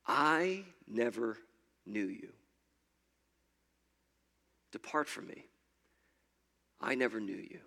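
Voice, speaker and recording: A pastor acting out the figure of Jesus at heaven's gate, speaking slowly in a hushed, grave, deep voice. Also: male voice, big pitch swings, exaggerated voice. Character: stern judging Jesus at heaven's gate, male. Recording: long hall reverb.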